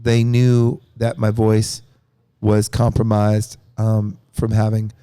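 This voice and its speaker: A man's voice: fairly low pitch, monotone, takes it slowly, dark tone, clean tone, no echo. A man in a band, chatting loosely and joking after a show while recovering from a cold. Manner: joking, rambling. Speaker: band member. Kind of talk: casual backstage chat.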